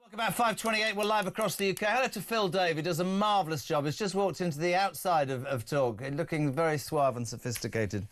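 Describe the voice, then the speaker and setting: A man's voice: fairly high pitch, brisk, hardly any pauses, fairly bright tone, faint music behind. A middle-aged man hosting live talk radio, chatty and teasing as he reads out listener texts. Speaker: radio talk show host.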